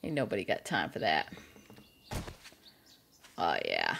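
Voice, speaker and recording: A woman's voice: very deep voice, wildly swooping pitch, measured pace, creaky, pauses often, a bit bright, a little hiss or hum. A woman chatting casually and joking crudely with her chat while she streams a game. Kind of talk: casual live-stream commentary.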